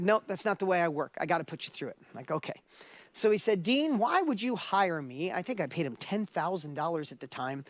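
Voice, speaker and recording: Speaking on stage at an event, a middle-aged man shares a personal story in a motivational talk that builds into urgent exhortation. His voice is high, with no echo.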